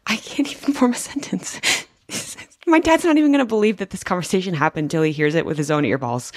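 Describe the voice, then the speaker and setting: A young female podcast host with a low voice, gushing and rambling with excitement. She talks over a video call in casual, chatty bursts. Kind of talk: casual interview chat.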